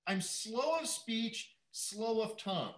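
A teacher voicing a hesitant old prophet, halting. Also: male voice, high voice, lively intonation, reverberant, voice pushed up. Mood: pleading. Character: hesitant old male prophet, unsure of his speech.

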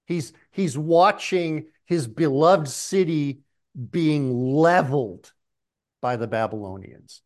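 A man preaching a sermon, slow and emphatic, often clearing his throat. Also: medium pitch, a little mellow.

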